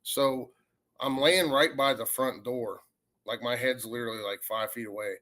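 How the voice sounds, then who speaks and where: A man with a drawl recounts a haunting in loose, rambling storytelling. His voice is bright and forward, and he acts out the quoted lines as he goes. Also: medium pitch, normal speed. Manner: rambling, animated retelling with acted quotes. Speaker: paranormal investigator. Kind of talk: casual storytelling.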